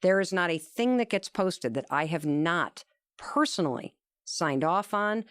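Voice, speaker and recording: Earnest woman guest telling a story in an interview, kinda low voice, dry no room sound. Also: a little slow, smooth, no room sound. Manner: animated, acts out quoted dialogue; earnest and emphatic.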